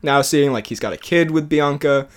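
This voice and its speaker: Speaking at normal speed in a fairly high voice, a man co-hosts a podcast, chatting casually and enthusiastically about films. He laughs a lot and often trails off before restarting.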